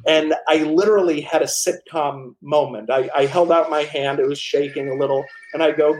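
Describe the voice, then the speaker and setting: A man telling animated stories as the author and guest in a casual interview, with many restarts. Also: on the high side, moderate pace, hardly any pauses, slight background noise, poor audio.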